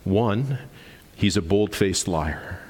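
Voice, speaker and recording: A man's voice: fairly low pitch, expressive, takes it slowly, darkish tone, husky, big-room sound. A man in his forties preaching a sermon, emphatic and explanatory, posing rhetorical questions to the congregation. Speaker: pastor.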